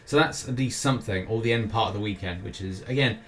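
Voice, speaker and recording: A man's voice: fairly low pitch, fast talker, fairly bright tone. A British man hosting a weekly gaming show, rambling through the schedule with jokey, self-mocking asides. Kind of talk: casual weekly game schedule rundown.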